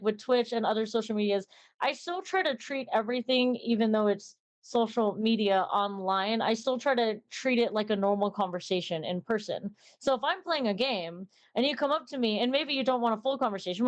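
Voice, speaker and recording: A young woman streamer chatting casually in an interview, rambling and acting out little conversations in a lifted voice. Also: on the high side.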